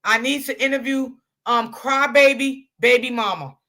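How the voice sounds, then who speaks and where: A woman hosting a casual livestream commentary channel, talking straight to her chat, loud, profane and often laughing. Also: high voice, fairly even intonation, moderate pace.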